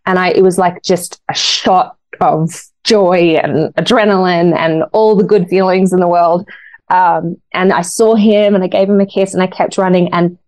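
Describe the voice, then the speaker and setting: A woman's voice: on the low side, fairly even intonation, moderate pace, a little mellow, no echo. Woman, thirties, interview guest, earnest, emotional, dry close mic. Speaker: guest, actress. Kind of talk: casual interview talk.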